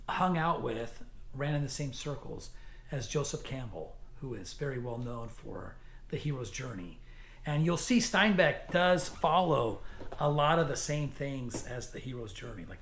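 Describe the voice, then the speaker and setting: A man's voice: medium pitch, slight background noise. A man giving a casual, enthusiastic spoken book review, chatty, with many fillers and restarts. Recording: echoey room.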